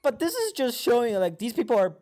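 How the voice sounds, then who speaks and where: Male podcast guest, halting, repeats words often. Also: extremely high pitch, huge pitch swings, darkish tone. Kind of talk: casual podcast chat.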